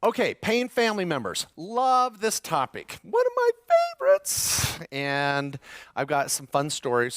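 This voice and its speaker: A middle-aged man presenting a live seminar, lively and full of jokes, tossing questions out to the crowd. His voice sits at an ordinary male pitch. The sound is close and dry, with hardly any room echo. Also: smooth. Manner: lively, joking, quizzes the audience.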